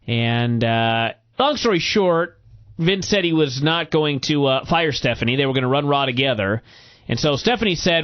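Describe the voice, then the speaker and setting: A man hosting a podcast, recapping a wrestling show in casual, profane, animated chat. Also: medium pitch, normal speed. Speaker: podcast host. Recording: muffled lo-fi recording.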